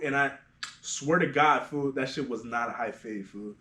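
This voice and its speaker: A man who works as a barber, telling shop stories on a casual podcast in a profane, animated way and calling everyone "fool". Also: medium pitch, moderate pace. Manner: profane, animated storyteller, says "fool" constantly. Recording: echoey room.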